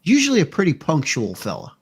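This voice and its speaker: A man's voice: fairly high pitch, wildly swooping pitch, fairly quick, husky, pitched above the performer's own voice, exaggerated voice. A man voicing a friendly, laid-back jail guard who talks in a folksy, rambling way. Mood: easygoing.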